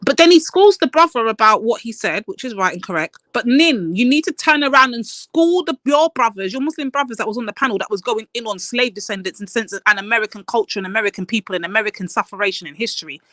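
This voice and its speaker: A woman's voice: on the high side, lively intonation, quick pace, hardly any pauses, a bit bright, no echo. A woman hosting a live stream panel, telling a story in a blunt, swearing rant.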